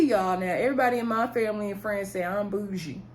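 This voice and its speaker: A woman's voice: medium pitch, quick pace, few pauses, darkish tone, a little hiss or hum. Chatty woman recapping a show. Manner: chatty, talks to viewers as "y'all", laughs often. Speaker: reality TV recap vlogger.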